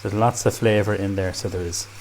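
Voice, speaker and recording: A man's voice: lowish voice, fairly even intonation, a little fast, vocal fry, a little mellow, slight background noise. An Irish man demonstrating a recipe in a kitchen, chatty and enthusiastic, full of praise for the food. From Ireland. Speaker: cook. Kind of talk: cooking demonstration.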